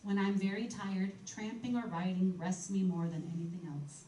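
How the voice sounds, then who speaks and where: A woman's voice: mid-range voice, fairly even intonation, normal speed, warm tone. Woman giving a history talk in an echoey room. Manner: conversational, reading quotes aloud from old articles. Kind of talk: public history presentation. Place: museum program room. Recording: echoey room, speaker far from mic, faint noise.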